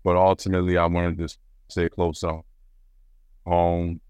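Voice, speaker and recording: A man with a very low, smooth voice recounts his playing days in an unhurried, rambling way. He often restarts his sentences and leans on fillers. The sound is close and dry. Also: completely flat delivery, darkish tone, dry recording. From Rochester, New York. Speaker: former basketball player, guest. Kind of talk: casual interview storytelling.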